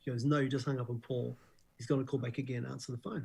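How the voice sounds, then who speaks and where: A man's voice: mid-range voice, fast, gravelly, breathy edge, rough recording. A middle-aged man with a New Zealand accent, a radio breakfast host telling stories as a guest in a casual interview. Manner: animated storyteller who acts out quotes.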